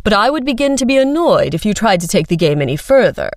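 A woman putting on a spoiled young prince who purrs and sneers at everyone, his voice a bit brighter and tighter than the narrator's, sounding close and dry. Entitled and condescending, he brushes every objection aside in a storybook reading. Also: medium pitch, big pitch swings, fast talker, no room sound, pitched above the performer's own voice. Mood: smug. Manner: smug, condescending, grabby.

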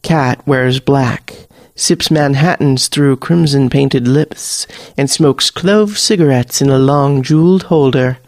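A man narrating a fantasy story podcast in a measured, deliberate storytelling manner. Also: medium pitch, dry recording, clean studio sound. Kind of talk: scripted narration.

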